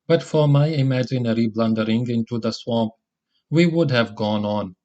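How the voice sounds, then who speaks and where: A man's voice: mid-range voice, mellow. Man narrating an audiobook dramatically. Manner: dramatic, measured storytelling. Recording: slightly muffled lo-fi recording.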